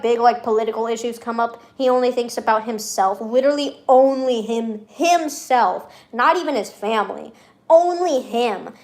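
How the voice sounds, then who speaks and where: A young woman venting in a casual vlog, rambling and sarcastic, laughing often between her remarks. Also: a little high. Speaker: vlogger.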